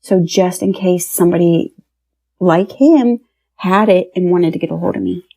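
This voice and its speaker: A woman in her thirties, originally from Pennsylvania, speaks in a fairly low, warm and mellow voice. She tells a personal story as a podcast guest, animated and acting out each exchange as she recalls it. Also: moderate pace. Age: 30s. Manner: animated, acts out dialogue in her retelling.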